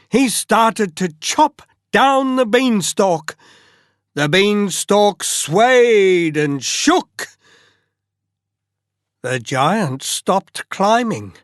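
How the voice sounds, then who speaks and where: A storyteller reading a fairy tale aloud very slowly and expressively, as bedtime listening practice. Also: mid-range voice, dry recording, studio quality. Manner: very slow, expressive read-aloud.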